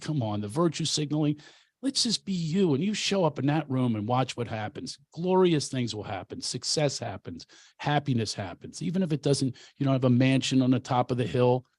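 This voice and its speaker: A man's voice: medium pitch, expressive, normal speed, a little mellow, slightly rough, no room sound, studio quality. A comedian and coach from Philadelphia, a man telling brash, self-mocking stories in casual chat.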